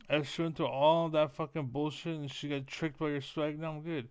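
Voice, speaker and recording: A man streaming a casual, profane rant that rambles, with filler words repeated over and over and the throat often cleared. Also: on the high side, level tone, brisk, hardly any pauses, dry recording.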